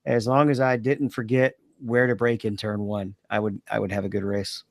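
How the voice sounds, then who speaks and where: A man's voice: on the low side, flat delivery, no echo. Dry-sounding man recapping races. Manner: rambling race recap, quick asides. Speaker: podcast co-host. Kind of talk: casual chat.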